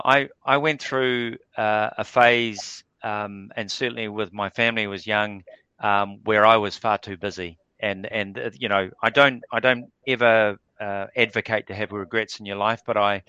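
A man's voice: on the low side, fairly even intonation, unhurried, sharp tone, smooth, no echo, muffled recording. A man answering interview questions in a casual, hesitant way, full of fillers and restarts. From New Zealand. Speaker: guest.

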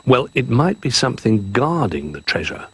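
Man reading a toy rabbit, storybook, polite, timid, husky. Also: mid-range voice, very animated, normal speed, dry recording, voice pushed up, full character voice.

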